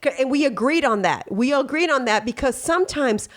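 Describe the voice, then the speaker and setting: A woman's voice: high-pitched, lively intonation, brisk. A woman hosting a podcast, talking candidly and casually with lots of filler phrases, acting out bits of dialogue as she goes. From Texas. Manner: slips into quoted dialogue voices. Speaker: podcast host. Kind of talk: casual chat.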